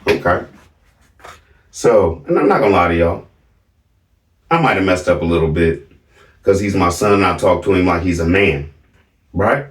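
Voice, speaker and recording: A middle-aged man casually tells his viewers a family story, emphatic and checking in again and again with "right?". His voice sits low. The mic is distant, so the sound is roomy with a little hiss or hum.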